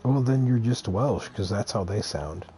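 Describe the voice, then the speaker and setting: Tired young man with a low voice. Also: expressive, moderate pace, dark tone, a little hiss or hum. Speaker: tabletop player. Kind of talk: casual chat among tabletop players.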